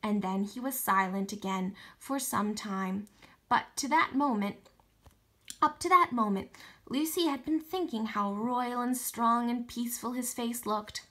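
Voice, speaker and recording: A woman teacher reading a novel aloud for distance learning, expressive, with small slips and restarts. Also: a little high, unhurried.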